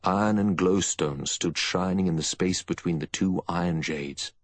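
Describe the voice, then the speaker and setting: A man reading a novel aloud as narrator in a steady storytelling voice. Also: low voice, normal speed, no echo. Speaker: audiobook narrator. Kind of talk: scripted narration.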